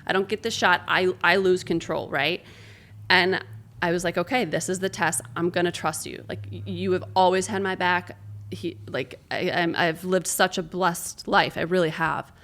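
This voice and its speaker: Gravelly-voiced woman telling a story. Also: lowish voice, fairly even intonation, normal speed, fairly bright tone. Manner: emotional storytelling, acts out quoted conversations. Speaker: sports broadcaster, guest. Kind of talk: candid interview conversation.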